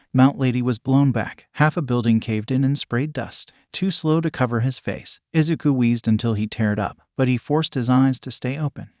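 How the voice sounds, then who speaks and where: A man narrating fan fiction in a steady, plain reading voice. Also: medium pitch, no echo, clean studio sound.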